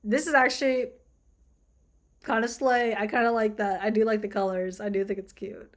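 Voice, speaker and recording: A woman's voice: medium pitch, fairly even intonation, normal speed. A young woman chatting casually as she reacts to designs, full of fillers and easy swearing. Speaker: vlogger. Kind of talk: casual commentary video.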